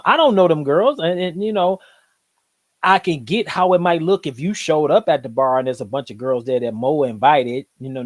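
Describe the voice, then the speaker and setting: A man hosting a live stream, reacting to clips in rambling, animated casual commentary full of fillers. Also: on the high side, no room sound.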